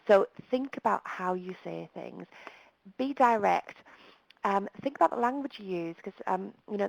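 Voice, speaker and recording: A woman's voice: medium pitch, vocal fry, no room sound, poor audio. A woman presenting a webinar over the telephone, talking in a direct, plain-spoken and emphatic way. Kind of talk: live webinar talk.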